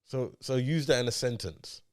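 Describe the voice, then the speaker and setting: A man's voice: medium pitch, animated, normal speed, crowd noise. A young man from co-hosting a podcast, teasing and laid-back, often laughing. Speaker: podcast co-host. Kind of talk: casual banter.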